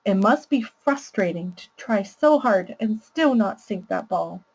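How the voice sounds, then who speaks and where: A woman voicing a calm, understanding parent who gently names a child's feelings. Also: mid-range voice, measured pace, vocal fry, breathy edge, highs cut off, full character voice. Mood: gentle. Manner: gentle, validating.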